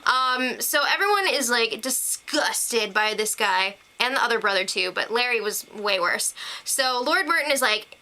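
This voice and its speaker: Bright, chatty young woman recapping. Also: a little high, lively intonation, unhurried. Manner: gushing, chatty, with laughs and fillers. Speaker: TV recap vlogger. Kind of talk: casual episode recap to camera.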